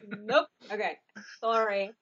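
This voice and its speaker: A woman's voice: mid-range voice, fairly even intonation, slow pace, fairly bright tone, husky, muffled recording. A woman who acts in a web series, giggling and apologizing through retakes of a short promo. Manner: giggly, apologetic, uses "y'all". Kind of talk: casual chat with retakes.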